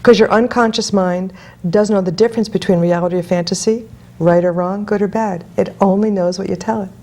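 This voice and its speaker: A woman's voice: mid-range voice, steady tone, fairly quick, warm tone. A woman guest hypnotist in an interview, telling client stories bluntly and emphatically. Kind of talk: interview storytelling.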